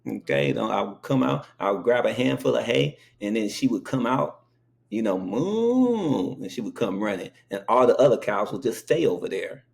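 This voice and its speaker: A man's voice: on the low side, a little fast, creaky. A man hosting an interview in casual chat, telling stories animatedly and acting out the quotes. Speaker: interview host.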